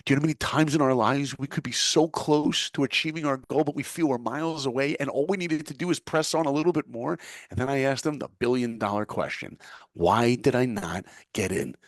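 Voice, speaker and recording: A middle-aged American man with a gravelly edge to his voice tells his story with vivid energy, switching between himself and the people he quotes. The sound is close and dry, with no room around it. He speaks as an interview guest. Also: mid-range voice, a little fast, dry recording. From United States. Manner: vivid, acts out both sides of dialogue. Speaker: guest, former animator and speaker. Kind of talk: animated storytelling.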